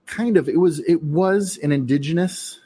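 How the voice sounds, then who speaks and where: A man's voice: on the high side, normal speed, dark tone, breathy edge, dry recording. A man co-hosting a casual podcast chat, rambling along with many ums and restarts. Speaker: podcast co-host.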